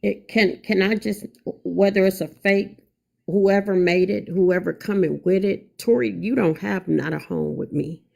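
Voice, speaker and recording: Angry, gravelly-voiced woman on a livestream. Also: medium pitch, a little slow, a little mellow. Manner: blunt, angry, cutting. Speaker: guest mother on a livestream. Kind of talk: heated livestream talk.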